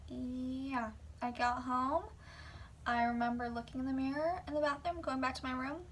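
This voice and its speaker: A woman's voice: sits high, fairly even intonation, moderate pace, a bit bright, far from the mic, a little hiss or hum. A young woman vlogger rambling casually through a personal story, full of "like"s and whispered asides.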